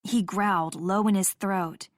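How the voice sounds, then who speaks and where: Brief: female romance audiobook narrator, middle pitch, dry studio sound. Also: fairly even intonation, a little slow, no room sound.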